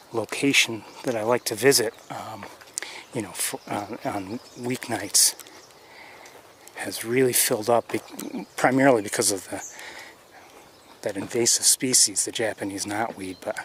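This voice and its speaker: A man's voice: fairly low pitch, measured pace, a bit bright. A man hosting a live birding tour, narrating casually as he walks the trails by a pond and thinks aloud with hesitant restarts. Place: outdoors on nature trails by a pond. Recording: faint outdoor noise. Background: birdsong and outdoor ambience.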